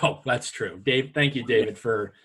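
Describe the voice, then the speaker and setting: A man hosting a casual podcast chat, laughing often and telling stories excitedly. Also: mid-range voice, moderate pace, breathy edge. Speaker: podcast host.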